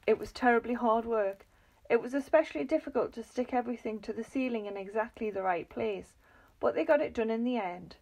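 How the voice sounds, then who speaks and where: A woman reading a children's book aloud, lively and expressive. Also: fairly high pitch, fairly quick. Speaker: reader.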